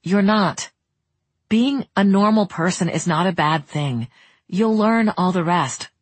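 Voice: medium pitch, expressive, takes it slowly, slightly rough, no room sound. An audiobook narrator voicing a woman scientist who speaks in a clipped, precise way. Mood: urgent. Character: guarded, analytical woman scientist.

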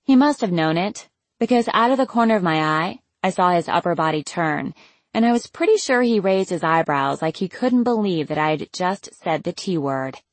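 A woman's voice: lowish voice, lively intonation, moderate pace, dry recording. A young woman narrating a novel in the first person, wry and casual, swearing now and then. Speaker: audiobook narrator.

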